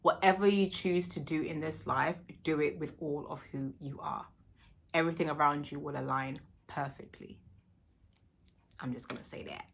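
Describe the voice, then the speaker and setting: A woman's voice: low voice, steady tone, moderate pace, gravelly. A woman giving a casual motivational talk to camera, affectionate and reassuring, calling the listener sweetheart. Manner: affectionate, calls the viewer sweetheart and darling; emphatic, reassuring, spiritual. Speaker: vlogger giving encouragement.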